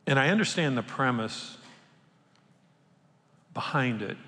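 Conversational preacher in a reverberant hall. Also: male voice, mid-range voice, lively intonation, a little slow, sharp tone. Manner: conversational preaching, acts out quoted voices. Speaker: pastor. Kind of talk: sermon. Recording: long reverb from a large hall.

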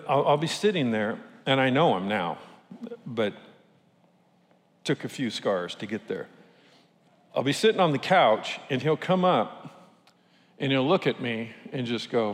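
Man preaching in a reverberant hall. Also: medium pitch. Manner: lively storytelling with rhetorical questions. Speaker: pastor. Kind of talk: sermon.

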